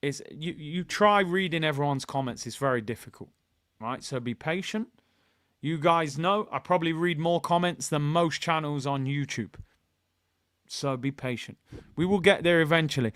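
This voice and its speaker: A man hosting a live football watchalong, chatting with his viewers and shouting at good news. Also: fairly high pitch, normal speed, dry recording, clean studio sound. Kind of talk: live fan stream chat.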